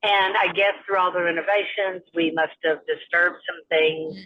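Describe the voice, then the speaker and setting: A woman's voice: fairly low pitch, fairly even intonation, normal speed, lo-fi sound. Woman telling a ghost story by phone. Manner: storytelling, acts out quoted voices. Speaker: caller.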